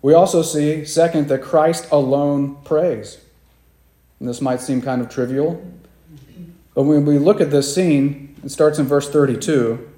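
A man's voice: on the high side, mellow. Preaching man in an echoey room. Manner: acts out the quoted disciples with raised voices. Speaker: pastor. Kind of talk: sermon.

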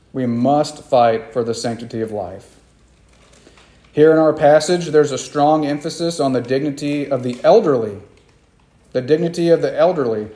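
A man's voice: medium pitch, mellow. Emphatic man preaching in an echoey room. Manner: earnest, emphatic preaching with repeated phrases. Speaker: pastor. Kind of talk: sermon.

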